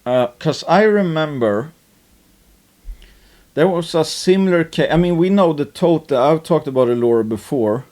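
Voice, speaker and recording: A man's voice: on the high side, lively intonation, moderate pace, a little mellow. A man hosting an investing channel, talking through stocks in casual market commentary, full of fillers and restarts. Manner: rambling, many fillers and restarts.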